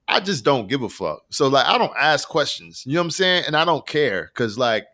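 A man's voice: mid-range voice, sing-song, brisk, pushed and bright. A man co-hosting a podcast, telling long stories in a rambling, slangy, profane way. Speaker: podcast co-host. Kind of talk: casual podcast chat.

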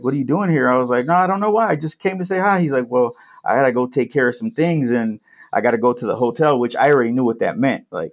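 A man from Milwaukee, a podcast guest, telling a personal story in a laid-back way, saying "bro" and "like" often. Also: medium pitch. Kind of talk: casual storytelling. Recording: dull lo-fi sound.

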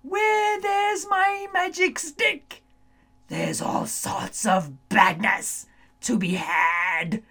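A woman's voice: drawn-out words, full character voice. A woman playing a gloating witch stuck as an ant. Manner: gloating, swings from low mutters to shouts. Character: spiteful witch turned into a scuttling ant. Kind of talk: storybook reading.

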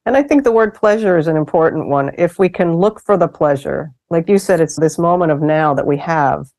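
A woman's voice: low-pitched, brisk, a little mellow. A woman hosting a casual conversation, reflective and encouraging as she shares anecdotes. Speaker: host.

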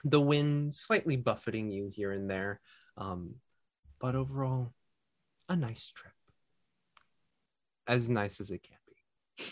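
A man narrating a tabletop game as game master, relaxed and halting. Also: medium pitch.

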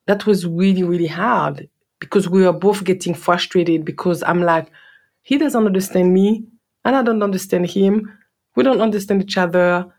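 A woman's voice: on the low side, moderate pace, a little mellow. A woman from Guadeloupe with a French accent, telling her own story in an earnest, reflective way and repeating words for emphasis. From Guadeloupe, French Caribbean. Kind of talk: personal storytelling.

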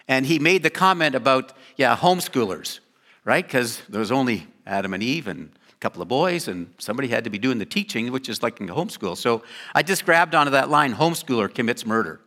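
An older man, a pastor, giving a sermon in a conversational, lively way with joking asides. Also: medium pitch.

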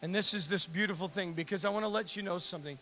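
A man with a very high, bright voice preaches to his congregation. He acts out little scenes and keeps putting direct questions to the listeners. Faint music plays under his sermon. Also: fast talker. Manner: animated preaching with acted-out dialogue, repeated direct questions to the congregation. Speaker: pastor.

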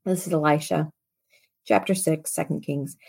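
A woman's voice: low voice, fairly even intonation, normal speed, gravelly, a little mellow, husky. A woman preacher hosting her show, speaking with emphasis and repeating key phrases for stress, then reading scripture aloud.

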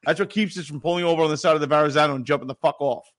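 A man's voice: on the high side, racing, fairly bright tone. Profane, ranting New man. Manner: profane, riffing rants. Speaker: podcast co-host. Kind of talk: casual sports banter.

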